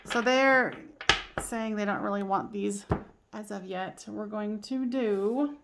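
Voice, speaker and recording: A woman's voice: mid-range voice, slow pace, creaky, noisy background. Woman, tarot reader, casual and giggly, loose delivery full of fillers. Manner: chatty, giggly, many fillers and restarts. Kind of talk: casual spoken tarot reading.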